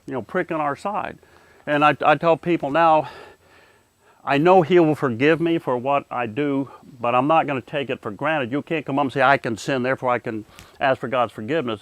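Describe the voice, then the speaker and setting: Older man, middle pitch, earnest halting testimony, dry close sound. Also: dry recording. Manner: halting, repeats words when emotional; earnest, drops to a hushed voice at moving moments. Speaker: interviewee. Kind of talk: personal testimony.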